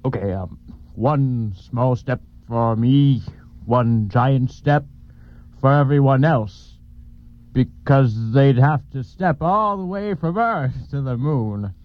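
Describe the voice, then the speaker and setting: Man doing a slow, halting astronaut, lo-fi radio sound. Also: mid-range voice, lightly acted. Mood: hesitant. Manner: halting, full of ums. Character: hesitant, bumbling male astronaut. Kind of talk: radio comedy acting. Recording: dull lo-fi radio recording.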